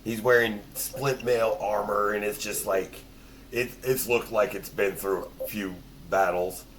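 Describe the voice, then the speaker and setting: A man's voice: fairly low pitch, steady tone, unhurried, a little hiss or hum. A man narrating as game master at a tabletop game, loose and hesitant with frequent restarts.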